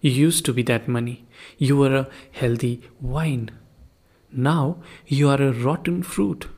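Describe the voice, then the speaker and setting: A man's voice: medium pitch, measured pace, a little mellow. A man voicing a poor, pious husband who lectures his wife in a sermonizing way. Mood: lecturing.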